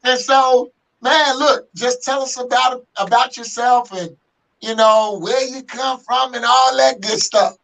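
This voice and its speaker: A man hosting a podcast interview in a relaxed, drawn-out casual way. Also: extremely high pitch, poor audio. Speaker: podcast host.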